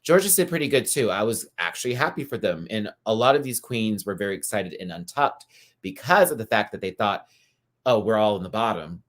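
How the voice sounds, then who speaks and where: A man hosting a casual live review stream, campy and animated, chatting asides to his viewers. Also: on the low side, a little fast. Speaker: YouTube host reviewing a TV show.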